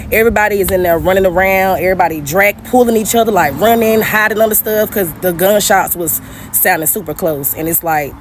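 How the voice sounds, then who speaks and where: A young woman tells her own story directly to her viewers, chatting casually. Her voice sits a little low. A faint noise hums behind her. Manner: animated and conversational, often addressing listeners as "y'all", many "like" fillers. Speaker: storyteller sharing a personal story.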